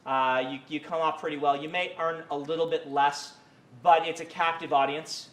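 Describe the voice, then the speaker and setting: Male lecturer, casual classroom talk, slightly raised pitch, filler-heavy rambling delivery. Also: steady tone, normal speed, fairly bright tone. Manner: rambling, many fillers and self-corrections. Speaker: university creative writing lecturer. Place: university lecture room.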